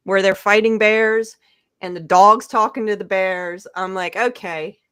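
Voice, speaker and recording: A woman's voice: mid-range voice, fairly even intonation, measured pace, fairly bright tone, clean tone. A woman co-hosting a casual podcast, giving her rambling, self-correcting opinions on a comedy movie. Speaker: podcast co-host. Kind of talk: casual chat.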